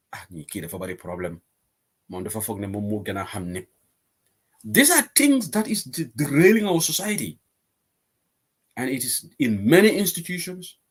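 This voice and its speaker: A Gambian-accented man hosts a live online current affairs show. He reads out viewer comments and argues each point with lively, swooping intonation. His voice sits at an ordinary middle pitch for a man. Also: husky. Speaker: host.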